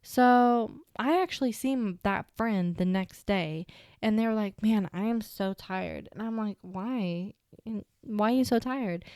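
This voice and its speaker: A young woman hosts her own podcast, talking casually and rambling with plenty of filler words. Her voice is smooth and clear, and it is recorded close and dry with no room sound. Her pitch sits in the ordinary middle range for a woman. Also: takes it slowly, a little mellow, no echo. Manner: chatty, rambling, with many "like" fillers. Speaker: podcast host. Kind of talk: casual solo podcast storytelling.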